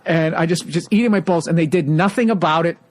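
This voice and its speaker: A man hosting a podcast, telling profane, animated stand-up stories in casual chat. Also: fairly high pitch, fast. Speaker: podcast host, stand-up comedian.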